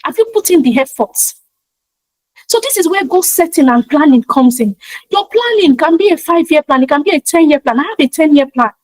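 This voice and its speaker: A woman's voice: sits high, expressive, a little fast, no room sound, low-quality recording. A woman giving a motivational talk, speaking emphatically and repeating her key points in a preacher-like way. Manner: talks of her own practice in speaking to online audiences.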